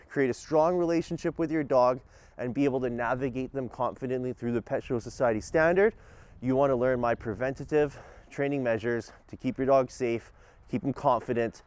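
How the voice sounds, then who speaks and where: A man giving casual dog-training instruction outdoors on a walk with his dog, shifting between upbeat and calm and giving short commands. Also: medium pitch, smooth.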